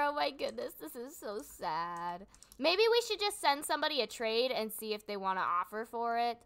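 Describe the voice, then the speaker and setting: A woman's voice: fairly high pitch, fairly bright tone, clear, resonant tone. A young woman casually commenting on her gameplay, chatty and giggly, thinking aloud as she goes. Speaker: gaming channel host.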